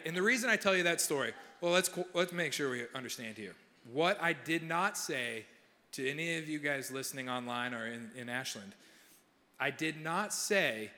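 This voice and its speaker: A young male pastor giving a sermon, telling a funny personal story with animated, self-mocking humor before he prays. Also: a little high, big-room sound, slight background noise. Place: large church hall.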